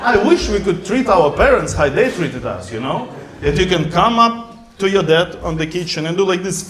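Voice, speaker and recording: A man's voice: high voice, normal speed. A middle-aged man who is not a native English speaker, performing a stand-up set in broken English on a club stage. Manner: broken English, animated, shouts to the crowd near the end. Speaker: stand-up comedian. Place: comedy club stage in front of a live audience. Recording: roomy club sound with crowd laughter and noise. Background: audience laughing, room noise.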